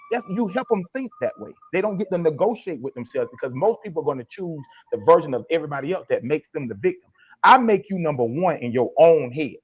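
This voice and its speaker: A man talks like a tough-love life coach, emphatic and preachy. His voice is husky and a little high, and his pitch swings widely. The recording has a dull lo-fi sound. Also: animated, quick pace. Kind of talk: podcast interview answer.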